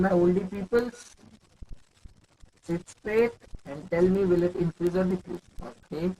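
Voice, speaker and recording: The recording quality is low, and the young man's high voice carries a darkish tone. Speaking with an Indian English accent, he runs a live online chemistry class, addressing students by name and asking questions twice.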